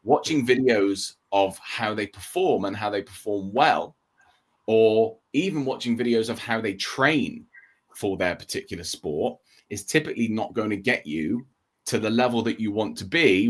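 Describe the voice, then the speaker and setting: A man co-hosting a trading livestream, explaining in a steady casual way and checking in with "okay?" and "right?". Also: lowish voice, moderate pace.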